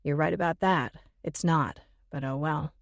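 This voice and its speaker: A woman's voice: sits low, fairly even intonation, moderate pace, no echo, clean studio sound, pitched below the performer's own voice. Woman doing a scoffing young rocker guy. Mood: needling. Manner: scoffing, needling. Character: blunt mocking young male rock musician.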